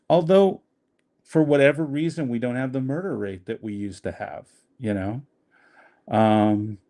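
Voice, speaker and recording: A man appearing as a podcast guest, speaking in a halting, wry and jokey way in casual conversation. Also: mid-range voice, dark tone.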